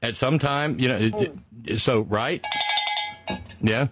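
A man's voice: medium pitch, slow pace, background noise. A man from West Virginia co-hosting a casual political chat show, profane and rambling, reading listener messages aloud. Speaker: podcast co-host.

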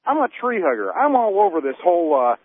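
High-pitched ranting man on a phone line. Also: a little fast, a little hiss or hum. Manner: animated, ranting with rhetorical questions. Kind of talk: political talk radio rant. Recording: dry, tinny phone-line audio.

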